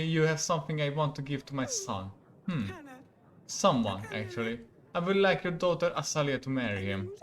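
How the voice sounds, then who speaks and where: A Hungarian-accented man voicing a scheming male noble lord who is offering a marriage deal, reading deliberately. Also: mid-range voice, natural voice.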